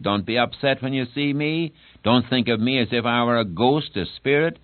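An earnest male preacher with a medium-pitched voice delivers a sermon with steady emphasis, stretching out key words to drive them home. The recording is dry, with no room sound, and thin and tinny like a phone line.

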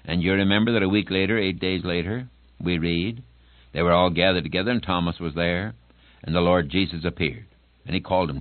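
An earnest male preacher delivers a sermon with steady emphasis, dragging out key words to drive them home. The recording is thin and tinny like a phone line, and dry with no room sound. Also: low-pitched, fairly quick, no room sound.

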